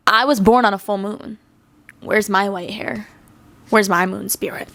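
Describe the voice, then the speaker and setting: Chatty young woman with creaky voice. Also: medium pitch, a little slow, dry recording. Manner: animated, exasperated, joking rants. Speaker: channel host. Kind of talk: casual fan commentary.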